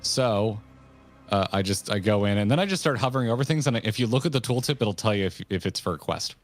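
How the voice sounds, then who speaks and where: A man's voice: on the low side, expressive, quick pace, faint music behind. A man hosting a game stream, talkatively explaining how he plays. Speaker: streamer host. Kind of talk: casual gaming chat.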